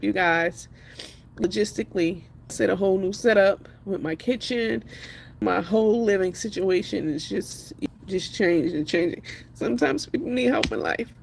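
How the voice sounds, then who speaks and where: Woman, husky voice, crying, emphatic, defiant, live stream talk. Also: fairly high pitch. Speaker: livestreamer.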